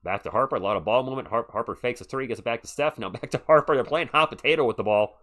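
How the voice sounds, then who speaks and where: A man with a mid-range, fairly bright voice does casual play-by-play on a live stream. He's chatty, bantering with chat and answering viewers between rapid play calls.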